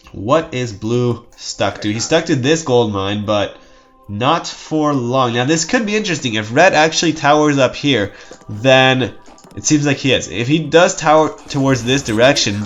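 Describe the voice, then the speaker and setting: Man, mid-pitch, casual game commentator; rambling and jokey, slightly muffled mic, faint music underneath. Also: a bit bright. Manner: rambling, jokey, self-interrupting with nervous laughs.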